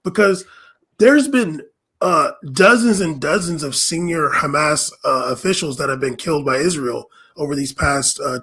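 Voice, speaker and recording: A man co-hosting a loose political chat, telling a news story in a meandering, earnest way. His voice is a bit high and slightly husky. He hesitates often, filling gaps with ums. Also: sharp tone. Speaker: podcast co-host.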